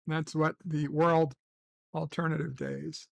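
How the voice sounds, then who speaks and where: A man's voice: a little high, level tone, slow, vocal fry. A man hosting a casual livestream chat, reading off the day's holidays and chat messages with crude, sarcastic asides. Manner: crude, sarcastic, profane rants. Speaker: livestream host.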